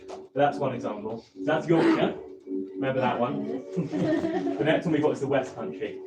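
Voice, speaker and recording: A man's voice: medium pitch, huge pitch swings, normal speed, loud music behind the voice. London man teaching from across a roomy hall. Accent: southeastern English, London. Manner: chatty, laughs often, restarts a lot. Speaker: workshop teacher. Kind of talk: live classroom explanation. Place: classroom or workshop room. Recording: roomy, distant live workshop recording with audience.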